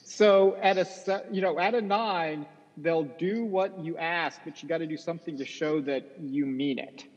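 A man narrating a tabletop game as game master, easygoing and measured. His voice sits fairly high with a husky edge. The recording is dull and carries a long reverb.

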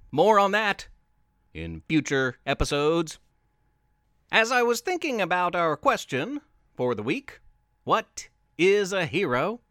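A man reading a playful storybook tale aloud as host, with an expressive storytelling manner. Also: on the high side, clean tone, no room sound, studio quality. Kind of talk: storybook narration.

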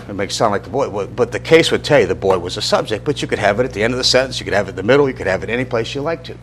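A man's voice: lowish voice, a little hiss or hum. A middle-aged man teaching an informal church Bible class, talking conversationally, asking the class questions and often restarting his sentences.

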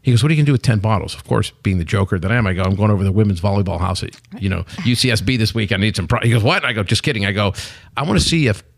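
Fast-talking gravelly man in his sixties. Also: on the low side, no echo. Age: 60s. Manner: animated joking storyteller acting out quotes. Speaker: company CEO guest. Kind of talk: casual storytelling.

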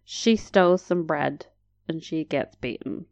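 A woman casually reacting to a period drama she is watching, wry and chatty and quick to laugh. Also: deep voice, a little mellow, dry recording, dull audio.

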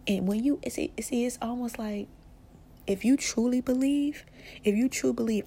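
A woman hosting a casual spiritual podcast, speaking softly and often slipping into a whisper, rambling with restarts. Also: a little high, normal speed, husky. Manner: soft-spoken, often drifting into a whisper. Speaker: podcast host.

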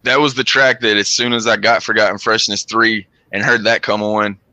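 Guy cohosting a podcast, lowish voice, loose and sweary, keeps restarting. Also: level tone, normal speed, sharp tone, no room sound, faint music behind, rough recording. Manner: profane, loose, trailing restarts. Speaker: podcast co-host. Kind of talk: casual chat.

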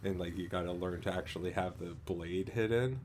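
A man's voice: deep voice, a little mellow, a little hiss or hum. A man co-hosting a podcast in casual chat, rambling with lots of fillers and restarts. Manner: rambling, halting, filler-heavy, frequent laughs. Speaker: podcast co-host.

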